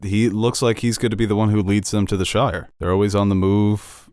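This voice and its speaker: A young man co-hosting a casual podcast chat, animated and laughing often as he acts out characters' lines. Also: lowish voice, a little fast, no echo, clean studio sound. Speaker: podcast co-host.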